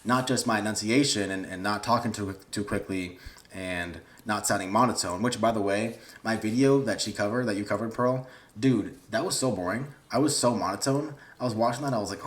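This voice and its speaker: A young YouTuber with a lowish voice speaks quickly in a casual vlog to camera. He rambles awkwardly and pokes fun at himself.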